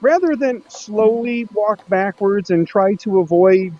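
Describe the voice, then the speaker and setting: A man hosting a casual maker hangout stream, chatting in a loose, rambling way. His voice sits a little high. The audio is muffled and lo-fi. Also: lively intonation, measured pace, a little mellow. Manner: rambling, restarts often. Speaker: host of a maker livestream. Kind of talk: casual chat.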